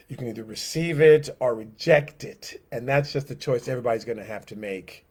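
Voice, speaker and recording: A man teaching a casual bible study, conversational and animated, often acting out the people in the story. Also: mid-range voice, fairly quick, few pauses, breathy edge. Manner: animated, acts out scenes, conversational.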